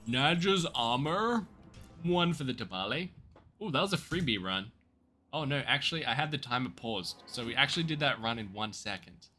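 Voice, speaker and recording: An Australian streamer with a mid-range voice, lively intonation, and a bright, forceful tone chats casually with viewers while playing a game, joking and upbeat at a fairly quick pace. Soft music plays in the background.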